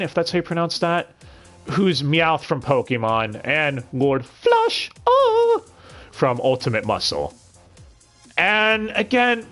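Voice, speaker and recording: A man's voice: on the high side, a bit bright. A man reviewing an anime dub on a live stream, talking casually with frequent stammered restarts and blunt, profane sarcasm.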